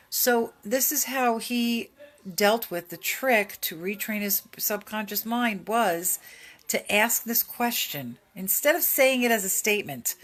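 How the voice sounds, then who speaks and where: A woman's voice: medium pitch, unhurried, fairly bright tone. A woman hosting a casual self-help podcast, speaking earnestly and rambling, with frequent fillers and restarts. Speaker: podcast host.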